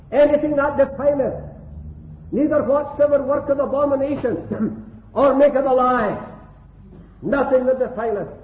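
High-pitched older man preaching fervently. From Scotland. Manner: fervent, rhythmic repetition of phrases. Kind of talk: gospel hall sermon. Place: gospel hall. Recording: echoey hall over a tinny lo-fi line.

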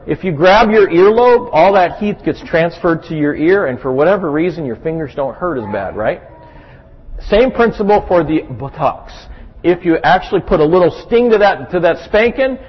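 A man's voice: a little high, breathy edge. A man preaching a sermon in an earnest way, often checking in with his listeners. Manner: earnest, with frequent "right?" check-ins. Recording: muffled, lo-fi recording in a reverberant hall.

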